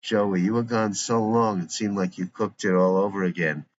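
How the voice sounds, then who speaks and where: A man reading a gruff, suspicious father. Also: fairly low pitch, steady tone, moderate pace, natural voice. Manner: gruff, blunt. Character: suspicious grumbling father, middle-aged man. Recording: dull lo-fi recording with faint hiss.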